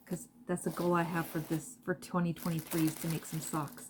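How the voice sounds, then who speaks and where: A woman's voice: lowish voice, steady tone, fairly quick, few pauses, darkish tone, a little hiss or hum. A woman crochet vlogger chatting casually as she unboxes yarn at home, gushing and talking straight to her viewers. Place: home craft room.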